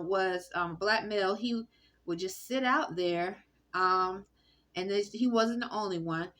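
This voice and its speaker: A woman with a bright, sharp-edged voice talks straight to her phone in a loose, meandering monologue. She halts, restarts and fills gaps with ums as she goes, speaking from inside a room. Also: mid-range voice. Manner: halting, many fillers and restarts. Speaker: vlogger. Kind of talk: rambling personal monologue. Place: indoor room. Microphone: phone recording.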